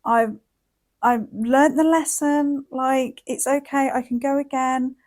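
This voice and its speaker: A woman putting on the voice of an adult cheering on a toddler, cooing encouraging praise in a high sing-song. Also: takes it slowly, darkish tone.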